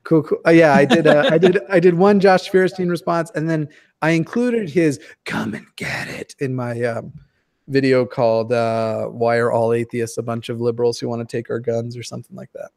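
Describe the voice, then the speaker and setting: A man chatting casually on a video call, joking and self-deprecating, with halting restarts. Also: medium pitch, darkish tone.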